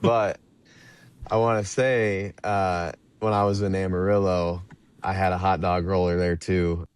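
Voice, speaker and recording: A man in his twenties, a professional baseball pitcher and podcast guest, telling laid-back, rambling stories with easy laughs between them. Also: little pitch movement, a little slow, clear, resonant tone. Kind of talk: casual interview storytelling.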